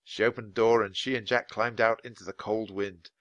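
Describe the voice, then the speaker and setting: A man reading a children's chapter book aloud for English learners, in clear, expressive storytelling. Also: on the low side, fairly quick, no echo, muffled recording. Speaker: audiobook reader.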